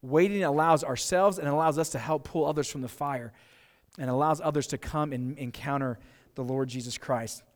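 A fairly high-voiced American man preaching to his church. His delivery is earnest and conversational, and he restarts and repeats words. His voice rings out with the long reverb of a church hall. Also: normal speed. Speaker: pastor. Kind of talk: sermon. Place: church sanctuary.

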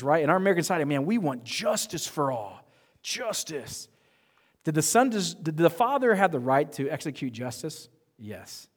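A middle-aged male pastor preaching a sermon in a church, telling stories in a lively, conversational way. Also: mid-range voice. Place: church sanctuary. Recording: echoey church hall.

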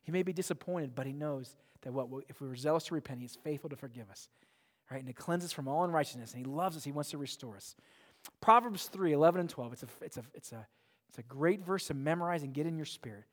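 A man's voice: fairly high pitch, quick pace. A man pastor preaching a sermon in a church, earnest and emphatic, often repeating words as he presses a point. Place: church sanctuary. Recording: long reverb of a large hall.

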